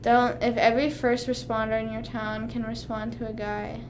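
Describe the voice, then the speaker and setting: A woman in her twenties chatting casually on a livestream, rambling and animated, with frequent swearing. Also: a little high, normal speed, slight background noise. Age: 20s. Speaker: streamer.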